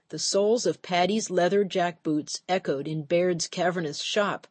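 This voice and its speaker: A woman narrating an audiobook in a measured, steady storytelling voice. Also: fairly low pitch, husky, no echo. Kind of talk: scripted narration.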